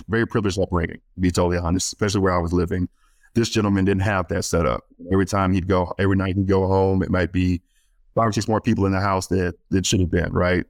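Deep-voiced earnest man telling stories. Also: no echo. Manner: earnest storyteller, many fillers and restarts. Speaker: guest speaker and author working with student athletes. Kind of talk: conversational podcast interview.

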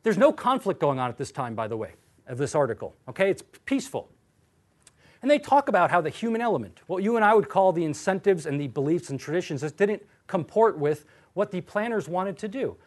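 Animated, high-voiced male lecturer. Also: fairly quick. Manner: animated, sarcastic, acts out quotes.

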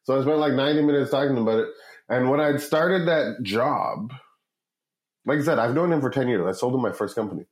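A startup founder in his forties, speaking a little fast at medium pitch, tells a long, rambling story as a guest in a casual interview. He swears often and animatedly acts out what others said, and the recording quality is low.

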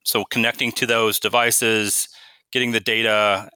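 A middle-aged man, a company's chief product officer, answering interview questions in a measured, explanatory way and often restarting phrases. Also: lowish voice, flat delivery, pushed and bright, smooth, no echo.

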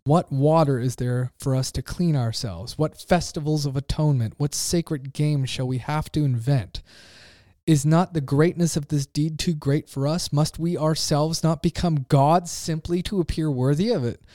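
A man's voice: on the high side, normal speed, warm tone, no room sound, studio quality, lightly acted. A man voicing a frantic grown man who cries out urgent questions to a crowd, read in a declaiming way. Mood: anguished.

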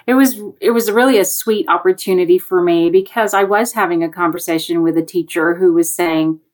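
A woman's voice: fairly low pitch, fairly quick. A woman on a remote video call, a guest telling a classroom story in a chatty way and acting out the voices of the people she quotes. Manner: animated, acts out quoted voices. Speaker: education guest on a panel. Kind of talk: conversational storytelling.

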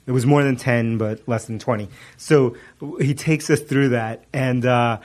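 A middle-aged man spins a story in relaxed conversation, breaking into laughter often. His telling is animated and loose, full of fillers and restarts. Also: mid-range voice, measured pace. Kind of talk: casual storytelling chat.

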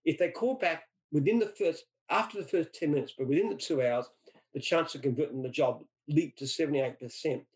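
A man's voice: on the high side, fairly quick, poor audio. A middle-aged man from Australia answers interview questions with anecdotes. He speaks emphatically and repeats words when he restarts a sentence. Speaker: franchise founder.

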